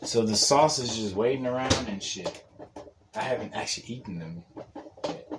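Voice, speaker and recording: A man's voice: lowish voice, normal speed, very noisy. A young man giving a casual, profane, rambling monologue and laughing often. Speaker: podcast host.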